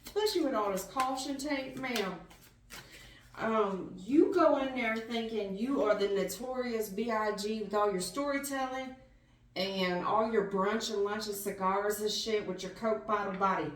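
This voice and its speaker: A woman doing a tarot reading who talks to the viewer in blunt street slang, animated and direct. She sits a bit back from the mic, so her voice sounds distant. The room around her is echoey. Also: mid-range voice, unhurried. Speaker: tarot reader.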